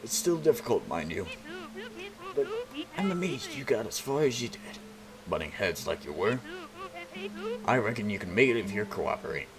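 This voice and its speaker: A man's voice: fairly low pitch, sing-song, normal speed, pauses often, rough recording. A man putting on a teasing old granny voice. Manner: gravelly put-on old voice. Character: old mountain-dwelling granny, teasing and wise.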